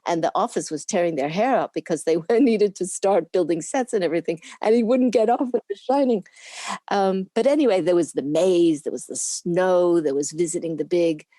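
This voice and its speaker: An older woman, a former camera assistant, chatting as an interview guest and telling lively stories with frequent laughs. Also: fairly low pitch, moderate pace, dry recording, clean studio sound. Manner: lively anecdotal storytelling with laughs; acts out quoted people in put-on voices. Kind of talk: casual interview reminiscing.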